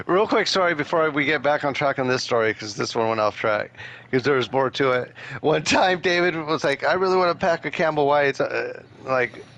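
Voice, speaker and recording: A man in casual podcast chat, telling stories in quick, animated bursts and laughing often. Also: medium pitch, vocal fry, muffled recording.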